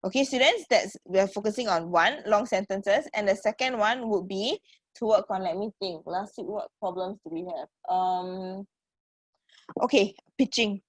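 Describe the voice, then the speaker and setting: A woman's voice: medium pitch, normal speed, dry recording. Encouraging Singaporean woman teacher. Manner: checks in constantly with "okay" and "right?"; encouraging, calls students sweetheart. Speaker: English teacher. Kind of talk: online class lesson.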